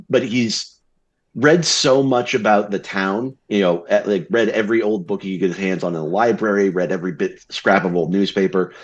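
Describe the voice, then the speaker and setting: A man describing his tabletop character, rambling with restarts and fillers. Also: fairly low pitch. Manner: rambling, laughing easily. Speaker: tabletop game player. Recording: dull lo-fi mic.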